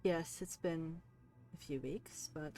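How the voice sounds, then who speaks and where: A woman's voice: deep voice, slow pace, dark tone, faint music behind. A woman voicing a tired adult man who is recovering from illness and speaks in a subdued murmur, in a tabletop game. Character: weary, recently ill adult man.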